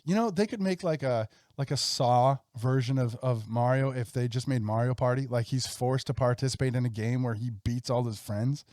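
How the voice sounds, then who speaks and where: A man's voice: mid-range voice, moderate pace, few pauses, a little mellow, dry recording, studio quality. A man in his thirties co-hosting a podcast, talking eagerly and rambling with restarts. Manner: enthusiastic, rambling with restarts and laughs. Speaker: podcast co-host. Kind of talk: casual chat.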